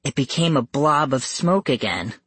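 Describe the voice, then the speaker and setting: An audiobook narrator reading a first-person spooky story slowly and suspensefully. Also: mid-range voice, animated, fairly bright tone, slightly rough, no room sound. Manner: slow, measured and suspenseful, rising tense at scary moments. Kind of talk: first-person scripted horror narration for young readers.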